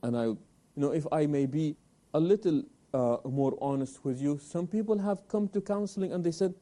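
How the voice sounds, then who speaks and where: A man hosting a televised Islamic talk program, animated, answering his own questions and sprinkling in Arabic religious phrases. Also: on the high side, moderate pace.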